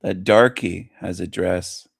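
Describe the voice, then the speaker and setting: A man's voice: low-pitched, steady tone, slow, gravelly, slightly rough, no room sound, studio quality. A man hosting a casual livestream, repeating phrases in a gleeful, mocking way. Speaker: livestream host.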